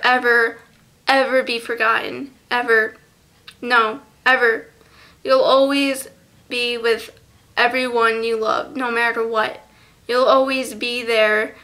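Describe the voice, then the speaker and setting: Teen girl on the verge of crying, talks slow and halting, bright high voice, lots of "you know". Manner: halting, soft, full of fillers. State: close to tears. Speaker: vlogger. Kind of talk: tearful memorial vlog.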